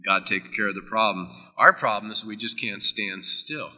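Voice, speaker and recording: A man preaching a sermon as pastor, emphatic, with sudden drops into soft, close asides. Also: lowish voice, moderate pace, in a large hall.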